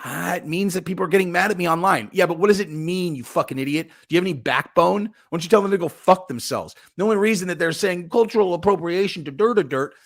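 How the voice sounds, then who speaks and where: A man hosting a podcast, ranting and cracking crude jokes in an excitable, profane way. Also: high-pitched, quick pace, hardly any pauses. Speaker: podcast host. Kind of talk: crude comedic banter.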